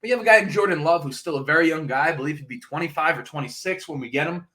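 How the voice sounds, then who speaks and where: A man's voice: fairly high pitch, rapid-fire, bright, forceful tone. A man hosting a podcast, giving casual fan commentary and thinking aloud, often hedging with "right?" and "uh". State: sipping coffee, brief cough. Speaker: podcast host.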